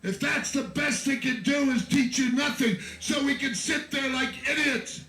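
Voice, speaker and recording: An American man giving a fiery, profane, shouting rally speech to a festival crowd from an outdoor stage. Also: very high voice, a little slow, roomy sound, faint music behind, low-quality recording. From United States. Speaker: activist speaker at a festival.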